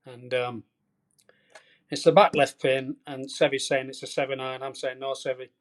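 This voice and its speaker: A man's voice: medium pitch, moderate pace. A middle-aged man, a veteran golf caddie, telling colorful stories as a podcast guest. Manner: animated, colorful storyteller. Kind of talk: storytelling anecdote in a podcast interview.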